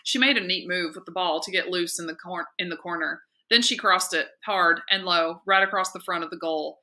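A woman teacher reading a novel aloud in a steady, lively and expressive way. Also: fairly low pitch, fairly quick. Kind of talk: read-aloud narration of a novel.

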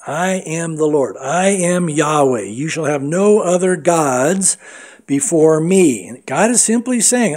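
Emphatic preaching pastor, fairly high voice. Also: male voice, a little mellow. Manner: emphatic preaching, quoting scripture. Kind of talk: sermon.

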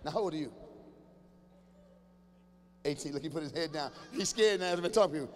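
A man in his fifties doing stand-up comedy with crowd work, animated, often acting out other people's voices and bantering with the audience. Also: sits high, brisk, long pauses, big-room sound, slight background noise. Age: 50s. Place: large church hall before a live audience.

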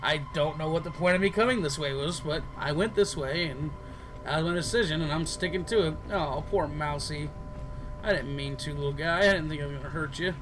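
A man's voice: fairly high pitch, quick pace, over music, low-quality recording. A man giving casual gameplay commentary as a let's player, goofy and joking, chatting to the characters on screen. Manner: goofy, jokes and talks to game characters.

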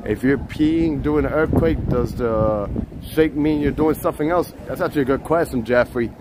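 A man's voice: medium pitch, moderate pace, noisy background. A man hosting a casual walking live stream, chatty and teasing his viewers, outdoors on city streets. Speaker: vlogger, live-stream host.

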